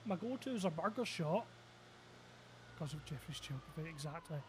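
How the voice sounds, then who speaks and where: A man's voice: fairly high pitch, animated, a little mellow, slight background noise. A man streaming live, chatting casually and thinking aloud. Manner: rambling, thinks aloud, quick asides.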